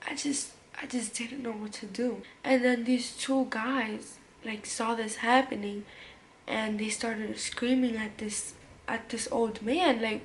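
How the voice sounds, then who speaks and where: A young woman recounts a story for her vlog in loose, slangy speech, stumbling over fillers and restarts and now and then sinking to a whisper. Her voice sits a little high, with a faint hum of room noise behind it. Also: fairly even intonation, low-quality recording. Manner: casual, slangy, halting with many fillers and restarts. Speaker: vlogger.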